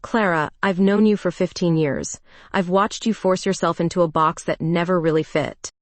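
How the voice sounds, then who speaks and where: A bossy, teasing best friend in her late thirties, as a woman narrator puts her on. She talks in a low-pitched voice, blunt and pushy, in a storybook dialogue. The sound is dry and close. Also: steady tone, moderate pace, no room sound, close to an everyday voice. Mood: earnest.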